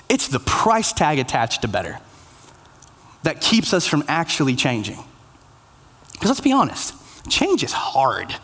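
A pastor preaching a conversational, self-deprecating sermon to a church congregation, with frequent restarts and playful asides. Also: male voice, fairly high pitch, a bit bright. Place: church with online audience.

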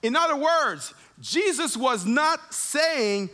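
Slow, high-voiced preaching man. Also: animated, pushed and bright. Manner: emphatic, slow preaching with dramatic retold scenes. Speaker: pastor. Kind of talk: sermon.

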